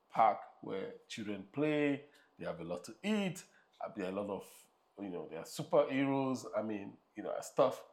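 Slow-preaching pastor, a man. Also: mid-range voice. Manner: rhythmic preaching with repeated phrases and rising emphasis; acts out voices of characters in a story. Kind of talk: sermon.

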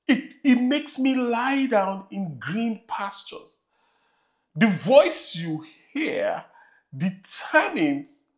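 Nigerian preacher, emphatic sermon delivery, slow measured pace, swooping lively pitch.

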